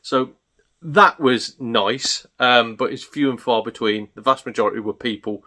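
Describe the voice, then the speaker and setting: A man's voice: mid-range voice, measured pace, bright, forceful tone. A man with an ordinary mid-range voice, ranting in a casual, chatty way. He sounds exasperated, and his stories run on with lots of asides. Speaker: gaming YouTuber.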